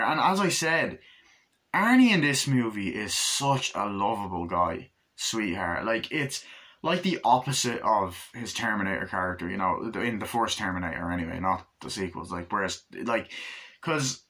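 Bright-voiced rambling movie reviewer, a man. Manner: rambling, acts out scenes in high excited voices.

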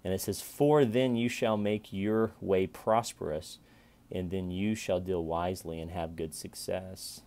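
A man in his forties giving a casual Bible reflection to camera, chatty and repetitive, with sudden loud playful callouts. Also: deep voice, fairly even intonation, a little slow. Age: 40s. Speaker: vlogger reading and reflecting on scripture.

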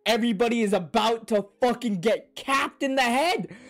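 An anime reaction channel host gives live commentary in a very high voice at a moderate pace. He's excitable and swears a lot, bursting into shouts and gasps and talking back to the characters on screen.

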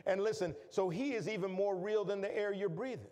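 A man preaching a sermon as pastor, repeating phrases, calling for the congregation to say lines back, and rising to shouts. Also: high voice, brisk, in a large hall. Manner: repetitive, call-and-response, builds to shouting. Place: church sanctuary.

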